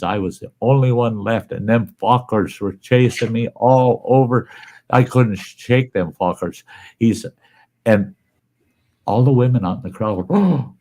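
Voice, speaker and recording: A man's voice: fairly low pitch, a little mellow. A man hosting a casual chat, telling a long joke in a folksy way and swearing freely. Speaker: host.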